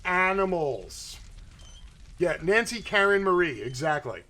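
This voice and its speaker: A man's voice: high-pitched, animated, moderate pace, pushed and bright. A man hosting political commentary, ranting in a sarcastic, mocking way and swearing freely.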